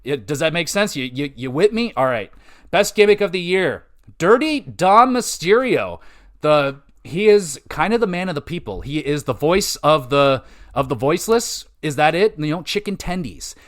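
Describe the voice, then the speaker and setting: A young man with a fairly high voice hosting a podcast in casual chat. He talks excitedly, rambles and swears freely, leaning on filler words as he goes. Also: moderate pace. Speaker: podcast host.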